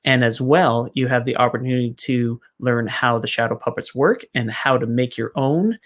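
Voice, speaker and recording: A man's voice: medium pitch, moderate pace. A man hosting an online event, introducing the guests. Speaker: event host. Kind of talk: introducing a program.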